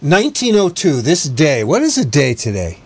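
A man's voice: fairly high pitch, wildly swooping pitch, moderate pace, a little hiss or hum. A man hosting a casual sports talk show, telling stories in a rambling way with restarts and self-corrections. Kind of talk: casual sports radio chat.

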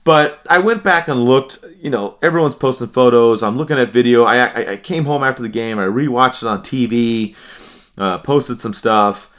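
A man's voice: mid-range voice, normal speed, a bit bright. A man co-hosting a sports podcast, ranting with emphatic, profane outbursts. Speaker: podcast co-host. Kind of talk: heated sports talk.

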